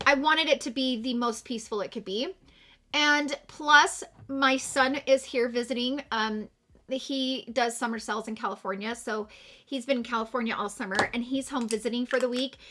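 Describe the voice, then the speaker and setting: Bright-voiced tearful woman chatting. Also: a little high, normal speed. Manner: heartfelt, chatty, addresses viewers directly. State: tearful after crying all morning. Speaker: beauty vlogger. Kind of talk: casual get-ready-with-me chat.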